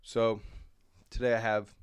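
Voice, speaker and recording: A man chatting casually on a morning stream, tired and rambling, with crude, self-mocking remarks and frequent throat clearing. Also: fairly low pitch, level tone, unhurried, no room sound, clean studio sound. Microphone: desk mic.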